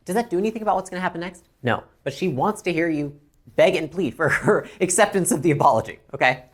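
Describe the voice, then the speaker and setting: A woman's voice: fairly low pitch, lively intonation, fast talker. A woman business coach explaining how to handle customers, blunt and emphatic, who acts out short dialogues between customers and staff. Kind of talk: instructional talk to camera.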